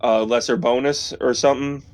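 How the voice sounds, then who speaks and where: A man playing in a tabletop game, asking deliberate questions about the rules. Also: medium pitch, steady tone. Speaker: player. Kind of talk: casual tabletop game chat.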